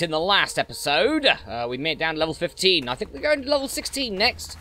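A man chats his way through a dungeon game, teasing the monsters he fights. His voice sits a bit high and bright and jumps around a lot, captured on a noise-suppressed desktop mic at home. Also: very animated, brisk, hardly any pauses, dry recording, faint music behind. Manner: chatty, playful, mutters asides to enemies. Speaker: gaming channel host. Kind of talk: let's play commentary.

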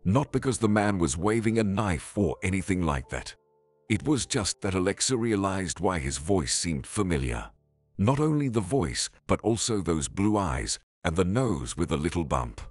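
A man narrating a scripted story in an expressive storytelling manner. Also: deep voice, moderate pace, slightly rough, no echo. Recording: faint background music.

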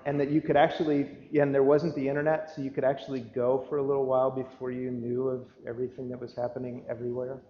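A man's voice: medium pitch, a little hiss or hum. A man preaching a sermon as pastor, telling a story in a conversational way, full of restarts. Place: church sanctuary. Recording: echoey church livestream, dull lo-fi sound.

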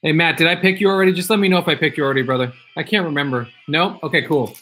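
Casual male streamer, slightly high voice, loose and repetitive, reads chat aloud. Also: rapid-fire, fairly bright tone. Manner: chatty, reads viewer comments aloud, repeats himself. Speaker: livestream host opening card packs.

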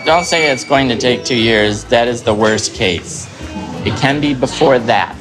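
A man's voice: medium pitch, a little slow, music in the background, rough recording. A man on a reality show, arguing stubbornly and defensively with his partner. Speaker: reality show cast member.

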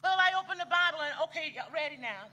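A woman's voice: high-pitched, lively intonation, quick pace, sharp tone, dull audio. A woman minister, preaching a sermon in a folksy, conversational way and talking straight to the congregation.

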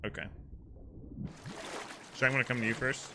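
Streaming a game, this male host speaks in a mid-range voice at a moderate pace, playing a cop in a mock-official, joking, theatrical style. There's constant noise in the background.

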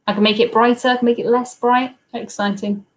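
A woman's voice: a little high, level tone, fairly quick. A young woman with a Southern English accent hosting a casual live cruise Q&A stream from her home desk, chatting and answering viewers. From south coast of England. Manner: chatty, reads viewer comments aloud, coos at her dog.

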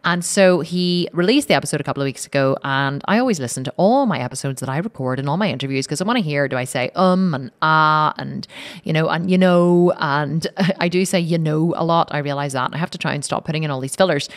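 An Irish woman hosting her own podcast, talking in a chatty, casual way with the odd swear word. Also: fast talker. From Ireland. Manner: chatty, swears casually, animated swings in pitch. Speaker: podcast host. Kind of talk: casual solo podcast intro.

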